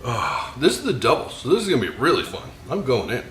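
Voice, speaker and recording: A man hosts his own cooking show from a home kitchen, cracking puns and murmuring appreciative mms between bites. His voice sits at an everyday middle pitch. The room rings with echo and carries a faint background noise. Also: wildly swooping pitch, fast talker, fairly bright tone. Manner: jokey, enthusiastic, savoring food with murmured mms. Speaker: home cooking video host. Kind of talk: casual cooking vlog with tasting.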